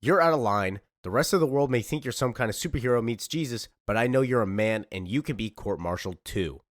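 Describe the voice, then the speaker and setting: A man's voice: mid-range voice, animated, fast talker, dry recording, clean studio sound, lightly acted. A man voicing an angry, blustering male military commander.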